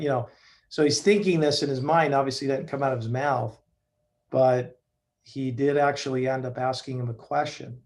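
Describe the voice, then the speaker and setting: A man's voice: mid-range voice, fairly even intonation, normal speed, darkish tone. Middle-aged man giving a casual talk. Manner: conversational, many fillers and restarts.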